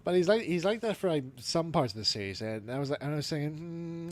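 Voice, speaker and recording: A man hosting a relaxed review chat, full of enthusiasm. His pitch rises and falls a lot as he talks. He laughs often and slips into little impressions. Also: a little fast, few pauses. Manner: animated, laughs often, acts out lines. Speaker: podcast host reviewing an animated series. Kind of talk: casual chat.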